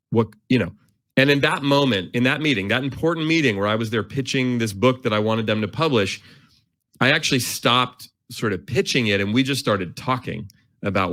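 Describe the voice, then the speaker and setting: A man in his forties, an author and guest, telling an animated, self-mocking story and acting out his inner voice. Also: lowish voice, brisk. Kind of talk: storytelling in a conversation.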